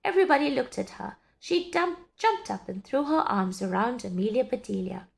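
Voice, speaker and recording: A woman reading a children's story aloud in an expressive, sing-song way. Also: on the high side, moderate pace, gravelly. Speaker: storybook reader.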